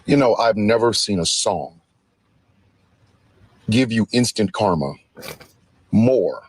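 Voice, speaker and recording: Deep-voiced mocking male commentator. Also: lively intonation, slow, long pauses, breathy edge, no echo. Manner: mocking, acts out quotes in sing-song. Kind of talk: casual commentary.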